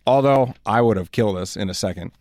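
A man's voice: fairly low pitch, fast talker, darkish tone, no echo, clean studio sound. A man from South Dakota hosting a casual solo podcast, rambling and self-deprecating as he jokes and tells stories. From South Dakota, USA. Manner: rambling, self-deprecating, jokey, puts on silly voices. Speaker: podcast host.

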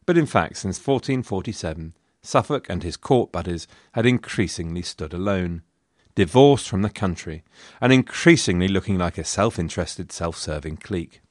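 A man's voice: sits low, animated, normal speed, dry recording. A man hosting a history podcast, telling the story in a wry, conversational way with dry asides. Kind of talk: scripted history narration.

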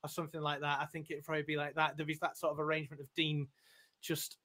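A man's voice: on the high side, completely flat delivery, fast, pushed and bright. A man chatting as a podcast guest, self-deprecating and prone to stumbling restarts. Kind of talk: casual podcast chat.

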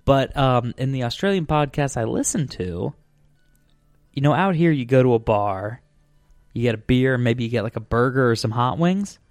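A man's voice: medium pitch, normal speed, no room sound, studio quality, soft background music. A man hosting a podcast in casual chat, hopping from one tangent to the next. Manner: rambling, tangent-hopping storyteller. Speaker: podcast host.

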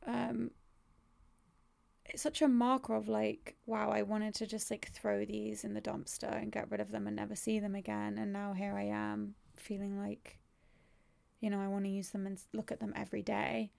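A woman's voice: medium pitch, level tone, moderate pace, gravelly, darkish tone. A woman in her thirties talking candidly and rambling in a casual conversation, swearing freely. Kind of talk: casual conversation about grief.

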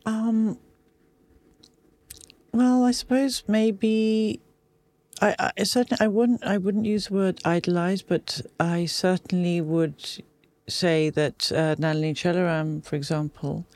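A woman's voice: on the low side, steady tone, slow, darkish tone, no echo. A woman in her fifties, chatting as an interview guest, talking openly and emotionally with many restarts and trailing phrases. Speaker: guest, yoga instructor. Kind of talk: casual conversational chat.

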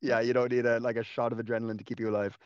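A man's voice: mid-range voice, level tone, racing, dull audio, crowd noise. An Irish man co-hosting a podcast in casual chat, teasing and jokey. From Ireland. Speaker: podcast co-host.

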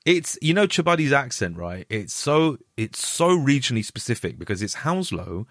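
A man in his thirties, an actor chatting on a podcast, telling an animated anecdote with lots of restarts and mimicry. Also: medium pitch, moderate pace, dry recording, studio quality. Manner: animated storyteller, frequent restarts and mimicry of others. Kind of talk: casual chat, anecdote telling.

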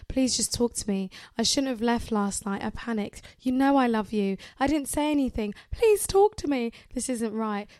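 A woman's voice: fairly high pitch, darkish tone, no echo, natural voice. A woman voicing a tearful young girlfriend who pleads and repeats herself while crying.

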